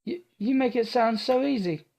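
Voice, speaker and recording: A man's voice: extremely high pitch, normal speed, gravelly, a little mellow, pitched above the performer's own voice. A man voicing a timid young woman who stammers, reading a visual novel aloud. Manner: hesitant, stammering.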